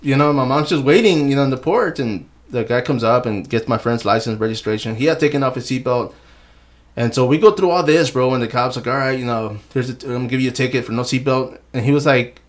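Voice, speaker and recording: A man's voice: mid-range voice, fast. A man hosting a podcast, chatting casually in a laid-back, slangy way in a studio. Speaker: podcast host. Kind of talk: casual chat.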